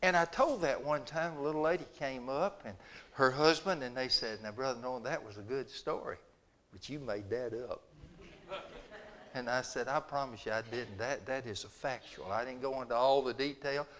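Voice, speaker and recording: A man's voice: medium pitch, a little fast, a bit bright. An older man, preaching a sermon in a chatty, folksy storytelling way, acting out the dialogue.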